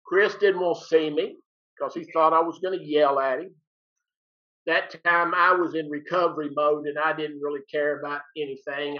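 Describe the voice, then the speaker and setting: Older man spinning a folksy yarn, dull lo-fi recording. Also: fairly high pitch. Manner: folksy, plain-spoken, acts out both sides of each exchange. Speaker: retired teacher telling a story. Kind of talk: casual storytelling.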